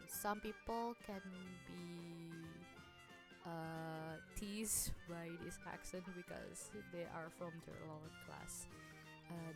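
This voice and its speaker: A young woman whose first language is Indonesian gives a class presentation, hesitant, with many fillers and restarts. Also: fairly low pitch. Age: young adult. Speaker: student presenter.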